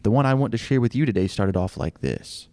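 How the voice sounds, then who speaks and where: A man co-hosting a casual podcast, reading listener letters aloud and slowing down for the quoted parts. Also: fairly low pitch, expressive, a little mellow. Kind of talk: casual chat.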